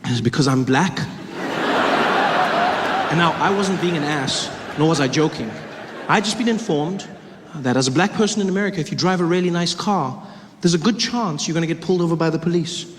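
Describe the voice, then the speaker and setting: High-voiced man doing animated stand-up. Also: fast. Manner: animated, acts out scenes, shifts voices. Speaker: stand-up comedian. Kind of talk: stand-up comedy storytelling. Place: comedy stage before a live audience. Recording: live hall reverb and crowd noise.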